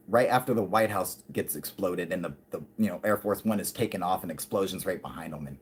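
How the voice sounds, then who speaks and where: Low, fairly quick, and slightly rough, this man's voice barely pauses as he hosts a livestream. His ranting is rambling, profane, and heated, and he keeps breaking into laughter.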